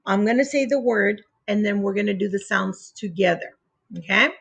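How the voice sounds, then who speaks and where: A woman teaching a phonics lesson to young children, sounding out words letter by letter with deliberate pauses and patiently repeating each rule. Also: medium pitch, breathy edge.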